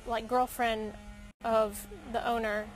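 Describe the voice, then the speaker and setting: Young woman guest, higher voice, chatty. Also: takes it slowly, rough recording. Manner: animated storyteller, lots of filler likes. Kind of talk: casual chat.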